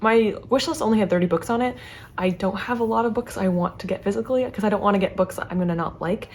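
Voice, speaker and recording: Fast-talking young woman book vlogger. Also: medium pitch. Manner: chatty, fast, with many fillers and restarts. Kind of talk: casual chat to camera.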